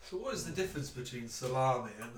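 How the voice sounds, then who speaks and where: A man's voice: mid-range voice, animated, quick pace, roomy sound, distant mic, a little hiss or hum. A young man in casual podcast chat, asking curious, joking questions. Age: young adult. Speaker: podcast co-host.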